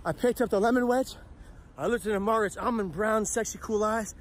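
A man speaker telling a comedic personal story in a punchy, animated way with profane asides. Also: high voice, a little fast. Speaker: motivational speaker.

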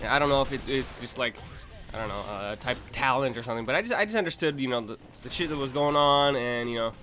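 A man's voice: mid-range voice, fast talker, sharp tone, a little hiss or hum. A young man in his twenties telling a rambling, profane story for his vlog, full of restarts and laughs. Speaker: vlogger.

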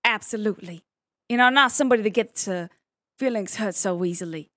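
A woman's voice: mid-range voice, fairly quick, fairly bright tone, dry recording, natural voice. Woman playing a bubbly Southern belle cadet. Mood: earnest. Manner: bubbly, giggly, eager to please. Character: eager young Southern belle police cadet applicant. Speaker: job applicant. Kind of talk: improvised police role-play.

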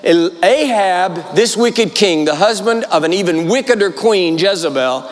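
A man's voice: sits high, expressive, unhurried. A man preaching a sermon, telling the story dramatically, voicing its characters, and repeating lines for emphasis. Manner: emphatic repetition. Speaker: guest preacher. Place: large church auditorium. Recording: long hall reverb.

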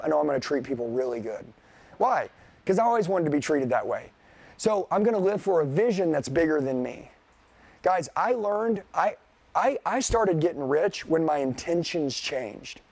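A man's voice: on the high side, creaky, a little mellow, dry recording. Profane, fired-up male sales trainer. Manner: profane, blunt, fired-up, addresses the crowd directly. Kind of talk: motivational seminar talk. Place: seminar room with a live audience.

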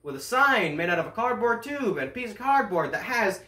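A teenage boy telling a comic story on a school stage, animated and laughing as he goes. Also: high-pitched, fairly quick. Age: teens. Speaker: talent show performer. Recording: roomy hall, mic at a distance.

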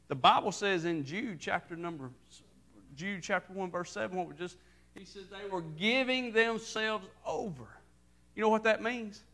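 Male pastor, somewhat high voice, animated sermon storyteller. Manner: animated storytelling, acting out voices with rising intensity.

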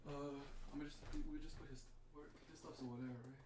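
Excitable host of a card-break stream. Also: mid-range voice, fast talker, a little hiss or hum. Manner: excitable, exclaims over pulls. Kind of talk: live card-break commentary.

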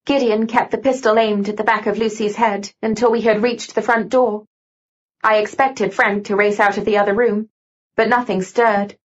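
A woman narrating a novel in first person with steady, even storytelling. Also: mid-range voice, moderate pace, muffled recording. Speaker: audiobook narrator.

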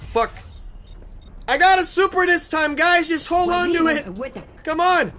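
Crowd noise surrounds a gaming YouTuber whose voice is very high-pitched and unhurried. Narrating his team shooter gameplay live, he's frantic and profane, hollering at his teammates.

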